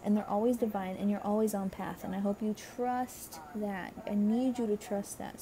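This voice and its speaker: A woman's voice: medium pitch, level tone, moderate pace, crowd noise. A young woman giving a casual, encouraging spiritual card reading, chatty and full of fillers, her voice tired and a little crackly. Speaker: tarot card reader.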